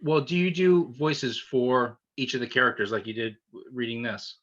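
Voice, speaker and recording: A man's voice: mid-range voice, lively intonation, normal speed, fairly bright tone. Hesitant male host over dull audio. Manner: hesitant, lots of ums. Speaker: interview host. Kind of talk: casual interview questions.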